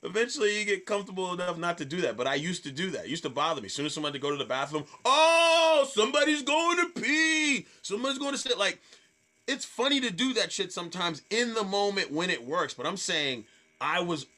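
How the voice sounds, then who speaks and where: A man, a comedian, telling stage stories in casual chat, swearing freely and acting out hecklers in loud voices. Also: a little high, fast. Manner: animated storyteller, acts out hecklers in loud voices. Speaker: stand-up comedian guest.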